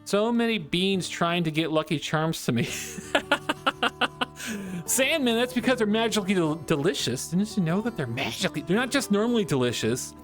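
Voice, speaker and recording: A man's voice: high voice, lively intonation, normal speed, faint music behind. A man chatting playfully with his live-stream chat, joking and drawing as he talks. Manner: playful and goofy, jokes with chat.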